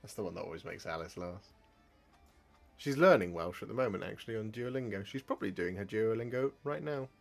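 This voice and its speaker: A man with an English Midlands accent hosts a casual live stream, talking in a chatty, rambling way. His voice sits fairly low, and he warmly thanks his viewers. Soft music plays faintly behind him. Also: expressive, a little fast, vocal fry.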